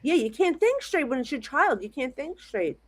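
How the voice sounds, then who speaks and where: Animated, rambling American woman storyteller. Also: sits high, moderate pace. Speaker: psychic medium guest. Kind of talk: casual interview chat. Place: home office at her desk.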